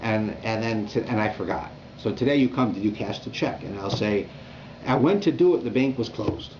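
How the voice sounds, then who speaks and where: A man's voice: fairly low pitch, moderate pace. Man teaching a Torah class conversationally. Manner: conversational, animated, with repeated "right?" checks. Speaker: rabbi. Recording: dull lo-fi recording with faint room noise.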